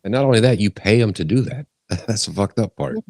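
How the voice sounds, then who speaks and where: A man's voice: on the low side, brisk, vocal fry, darkish tone, no echo. A man co-hosting a live stream in laid-back casual chat, swearing casually.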